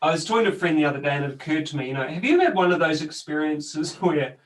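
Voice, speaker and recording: Guy co-hosting a chatty talk show, rambly and animated, mic sounds a bit far. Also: on the high side, racing. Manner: rambling, animated storytelling with restarts. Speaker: co-host. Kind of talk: casual conversation about personal growth.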